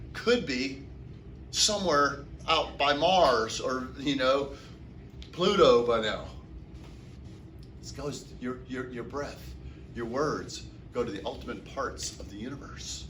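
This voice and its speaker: This chemistry lecture comes from a man with a mid-range voice, captured from far off in an echoey classroom with background noise. He quizzes the class and then supplies the answers himself.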